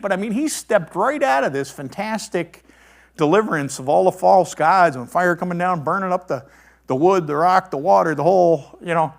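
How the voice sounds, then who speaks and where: A man preaching a sermon in an animated way, with incredulous asides and stammering restarts. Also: high voice, gravelly. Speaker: pastor.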